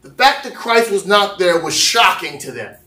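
Man, pastor, high voice, animated sermon, echoey hall, mic at a distance. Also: moderate pace. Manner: animated, acts out voices, jokes with the congregation. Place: church sanctuary.

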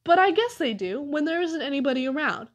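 A woman's voice: high-pitched, animated, a little fast, voice pushed up. A woman reading aloud and voicing a bossy, no-nonsense boy who talks curtly and gives orders. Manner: curt and commanding.

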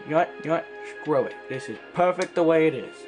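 A man's voice: a little high, fast talker, music in the background. A man giving rambling, playful commentary while he plays, joking around in put-on accents. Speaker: gameplay commentator. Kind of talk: casual let's-play commentary.

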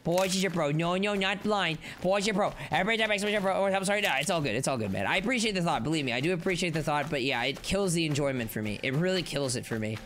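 A man streaming live gameplay commentary, excitable and playful, rambling on and chatting with his viewers. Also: on the high side, fast, hardly any pauses.

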